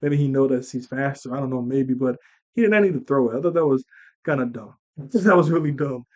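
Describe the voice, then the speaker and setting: A young man casually recapping a movie he watched as a kid, rambling, animated and laughing as he acts out lines. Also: mid-range voice, brisk, lo-fi sound. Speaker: movie reviewer.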